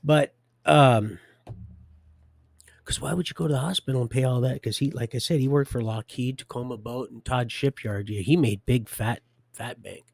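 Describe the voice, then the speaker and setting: A middle-aged man spins his life story on a live stream in a loose, folksy ramble, doubling back and chuckling to himself. His voice has a gravelly edge and sits right up on a dry desk mic. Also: mid-range voice, normal speed, a little mellow, no echo. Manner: meandering, folksy, trails off and restarts, chuckles to himself.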